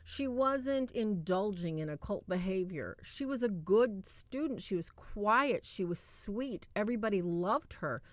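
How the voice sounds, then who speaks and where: A woman's voice: medium pitch, a little slow, few pauses, dry recording. Woman retelling a film scene on a livestream. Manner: animated retelling with acted quotes. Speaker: livestream host reviewing a film. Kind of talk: casual livestream commentary.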